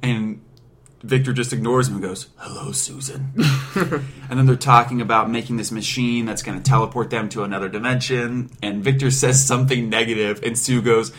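Casual podcast host, male, rambling movie recap, quick laughs, plain mid voice. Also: mid-range voice, fairly even intonation, fairly bright tone. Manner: rambling, laughs often, acts out quotes in his own voice.

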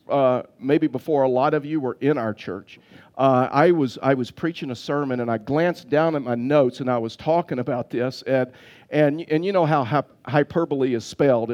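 A man's voice: mid-range voice, darkish tone, lo-fi sound. A man, a pastor preaching a sermon, telling stories with repeated words and restarts. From Texas.

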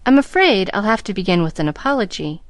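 A polished young gentleman, pleasant on the surface with a sharp edge beneath, as a woman reader puts him on. The voice stays light and close, with little room sound. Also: medium pitch, expressive, quick pace, dry recording, close to an everyday voice. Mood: coaxing. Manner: pleasant then coaxing and sharp. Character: smooth-talking handsome young gentleman, turning sharp.

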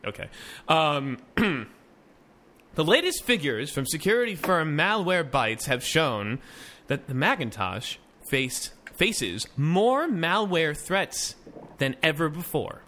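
Casual talk from a man with a fairly high voice, host of a tech podcast, reading the news in an easygoing way and breaking off for asides. There is a clear hiss of noise under his voice. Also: sing-song, takes it slowly, pushed and bright. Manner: reads news items with loose asides, restarts and fillers.

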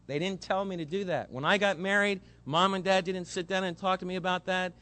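A man's voice: high voice, a little fast. A man preaching a sermon, explaining scripture and acting out the voices of people in his congregation. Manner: animated, acts out quoted voices, speeds up when excited. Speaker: pastor.

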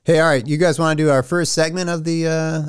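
A young man hosts a casual podcast, rambling along and swearing loosely as he laughs at himself. His voice is smooth and resonant. The sound is close and dry, with no room in it. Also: fairly high pitch, steady tone, a little fast, no room sound. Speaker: podcast host. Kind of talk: casual chat.

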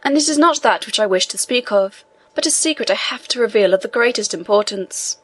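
A woman's voice: mid-range voice, animated, fairly quick, slightly rough. A woman reading the lines of an elderly male prisoner priest who talks in an earnest, pressing way. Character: elderly male imprisoned priest, eager scholar.

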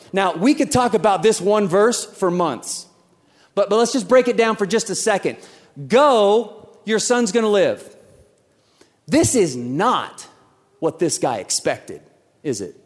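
A man in his thirties preaching a sermon in a church, talking conversationally with rhetorical questions and acting out bits of dialogue. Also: sits high. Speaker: pastor. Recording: church hall with long reverb.

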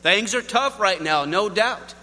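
A man's voice: high-pitched, expressive, measured pace, bright, forceful tone, in a large hall. A man preaching a sermon, telling folksy stories and addressing the congregation directly. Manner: folksy storytelling with Southern address.

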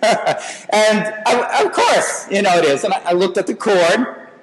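A man's voice: high-pitched, animated, a little slow, long reverb tail, very noisy. A man preaching a sermon in a conversational way, telling stories and asking rhetorical questions.

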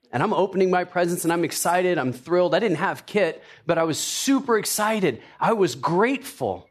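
A middle-aged man preaching a sermon, telling personal stories with jokey asides in an animated way. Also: medium pitch. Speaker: pastor.

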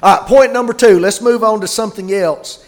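A man preaching a sermon in a conversational way, reading scripture aloud slowly. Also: high-pitched. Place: church gathering.

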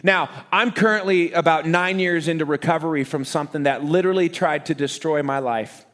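A man, a pastor preaching to a live church congregation, joking and lively with the crowd and turning quiet and earnest when he prays. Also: on the high side, a little fast. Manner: energetic, joking crowd warm-up, then quiet earnest prayer. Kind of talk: sermon.

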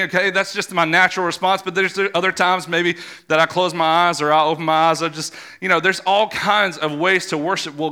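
Leading a congregation in a worship hall, a male pastor preaches fervently, building up to loud exhortation in a fairly high-pitched voice.

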